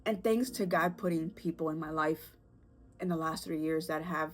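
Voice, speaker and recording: A woman in her thirties with a low-sitting voice, perhaps carrying a lilt, hosts a personal podcast. She speaks earnestly and emotionally, with halting restarts and fillers.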